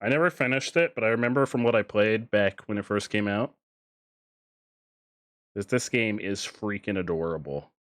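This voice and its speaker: In clean studio sound with no echo, a male streamer with a lowish voice talks at normal speed but leaves long pauses. He plays a video game with animated, jokey commentary and reads on-screen text aloud over faint game music.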